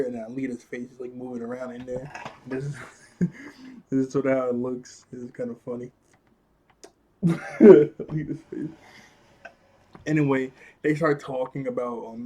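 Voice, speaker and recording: A man's voice: mid-range voice, dark tone. A man casually reviewing a cartoon episode, rambling and chuckling through a loose retelling full of fillers.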